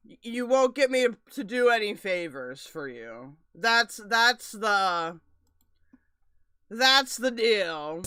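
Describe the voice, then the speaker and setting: A woman's voice: medium pitch, lively intonation, slow pace, sharp tone, clean tone, dry recording. A woman co-hosting a livestream, chatting in a playful, candid way. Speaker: livestream co-host. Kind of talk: casual livestream chat.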